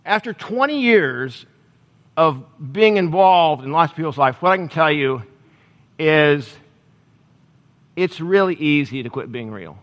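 A middle-aged male pastor preaching a sermon in a conversational, halting way, with restarts and self-deprecating humor. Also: on the high side, animated, a bit bright. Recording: long hall reverb.

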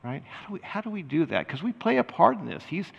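Older male pastor, conversational preaching, expressive delivery, big echoing church. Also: sits high, quick pace, creaky, husky, highs cut off. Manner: animated, conversational preaching with laughs and restarts. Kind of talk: sermon. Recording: long hall reverb.

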